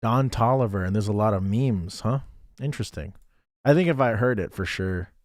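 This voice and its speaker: A man streams himself playing a geography game at a moderate pace, his lowish voice a little mellow. He thinks aloud in a chatty manner and thanks viewers, and the studio-quality audio has no echo.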